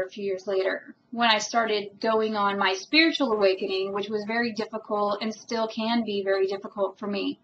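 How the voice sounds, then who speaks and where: A woman's voice: on the high side, fairly bright tone, a little hiss or hum. A woman vlogging about her spiritual journey in an earnest, rambling way, full of ums and restarts, openly emotional. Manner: emotional, self-described. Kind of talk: reflective personal monologue. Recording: dull lo-fi home recording.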